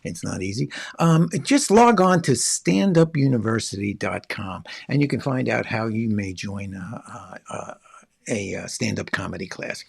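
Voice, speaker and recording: A man's voice: lowish voice, animated, a little slow, creaky, slightly rough. A man hosting a magic show in casual live-stream chat, rambling with lots of fillers and restarts.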